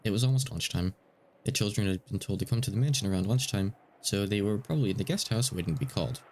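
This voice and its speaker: A man's voice: on the low side, animated, quick pace, darkish tone, a little hiss or hum. A male streamer reading a visual novel aloud, with casual asides between the narration.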